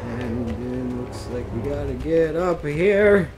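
Excitable swearing gamer over game music. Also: mid-range voice, slow. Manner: excitable, swears a lot, yelps and laughs. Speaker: let's play gamer. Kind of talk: live gameplay commentary.

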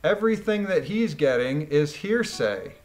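A man's voice: on the high side, very animated, measured pace, a little mellow. A man reading a court transcript aloud and breaking off into incredulous, scoffing commentary.

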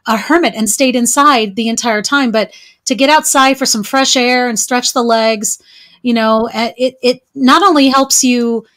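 A woman's voice: a little high, fairly even intonation, moderate pace, fairly bright tone. A woman guest in a casual online chat, talking in a loose, rambling way with many restarts.

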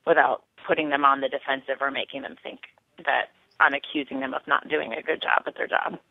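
A woman's voice: a bass voice, fairly even intonation, fairly quick, creaky, no room sound. Hesitant woman on a tinny phone line. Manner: earnest, hesitant, searching for words. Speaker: caller, teacher. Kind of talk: call-in question. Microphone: telephone.

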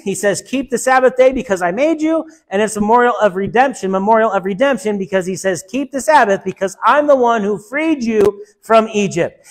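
Emphatic woman preaching a sermon. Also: on the high side. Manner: emphatic, asks the congregation rhetorical questions.

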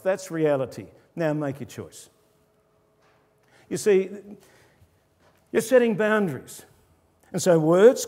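An older man, a pastor, preaching a conversational sermon and dropping his voice low for quoted asides. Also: warm tone. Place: church. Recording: long church reverb.

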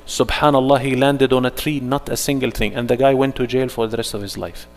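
Animated male religious teacher, reverberant hall. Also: mid-range voice, brisk. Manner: animated, fires rhetorical questions at audience. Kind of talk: interactive religious workshop talk.

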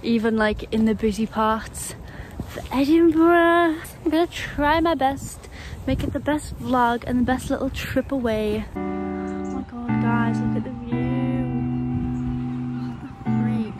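A woman's voice: fairly high pitch, slow. Bubbly woman vlogging with music behind. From North East England. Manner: bubbly, giggly, chatty. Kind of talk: casual vlog to camera. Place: outdoors at a zoo and in the city.

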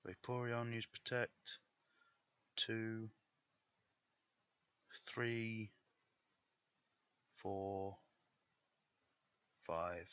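A man's voice: on the low side, sharp tone, clear, resonant tone, no echo, lo-fi sound. A man giving frustrated live gameplay commentary, swearing often and breaking into angry outbursts. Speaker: gaming YouTuber.

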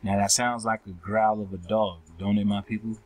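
A man's voice: lowish voice, fairly even intonation, dry recording, low-quality recording. A man reading and explaining scripture verses, checking in with his listeners by asking "right?" after nearly every phrase. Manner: ends almost every phrase with a questioning "right?"; slow, repetitive, addresses listeners as family. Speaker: scripture teacher.

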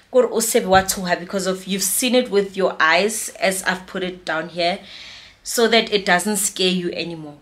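A woman's voice: fairly low pitch, fairly bright tone. A young South African woman with a South African accent, chatting casually in her vlog and mixing English with her home language. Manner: chatty, switches between English and Sesotho/Setswana. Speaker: vlogger.

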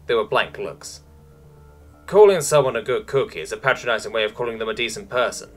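A man narrating a science fiction story in a scripted, expressive reading. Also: mid-range voice, fairly quick, soft background music.

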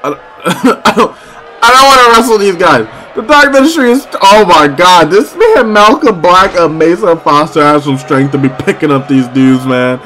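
A young man commentating a wrestling video game with loud exclamations and slangy, excitable talk, his voice going squeaky. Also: normal speed, faint music behind, rough recording.

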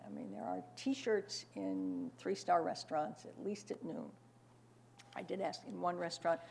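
A woman's voice: fairly low pitch, creaky, darkish tone, a little hiss or hum. An older woman giving a prepared panel talk in a wry manner, with frequent fillers and asides. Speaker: panel speaker.

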